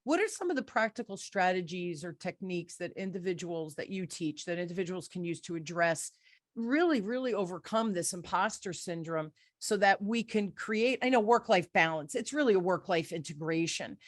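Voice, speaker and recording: Casting: middle-aged woman host, fairly low voice, candid lively storyteller, close dry mic. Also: normal speed, dry recording. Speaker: podcast host. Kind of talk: interview, storytelling.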